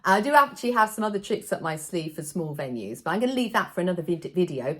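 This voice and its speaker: A woman, a children's party entertainer explaining a party game in a playful, animated way. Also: fairly low pitch, fast talker. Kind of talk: how-to video explanation.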